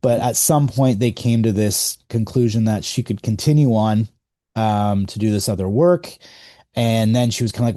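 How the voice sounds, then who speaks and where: Male podcast host, fairly low voice, warm mellow tone, dry close sound, thinks aloud. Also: fairly even intonation, moderate pace, no echo. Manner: reflective, thinks aloud with hesitations. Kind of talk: casual interview talk.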